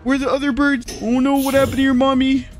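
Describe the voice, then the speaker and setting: A woman playing a video game with a friend, gasping and repeating herself in nervous excitement. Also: high voice, brisk, soft background music. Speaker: gaming channel host. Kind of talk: excited let's-play commentary.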